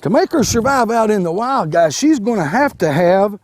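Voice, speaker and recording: Folksy, animated man teaching kids. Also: high voice, moderate pace. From Kentucky. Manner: folksy, animated, repeats and restarts words with many fillers. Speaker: wildlife extension educator. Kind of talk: live outdoor demonstration to children.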